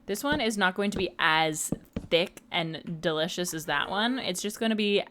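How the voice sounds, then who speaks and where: A woman's voice: lowish voice, lively intonation, normal speed, noisy background. A woman in her mid-twenties chatting casually and teasing her viewers during a late-night gaming livestream. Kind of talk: casual chat while gaming.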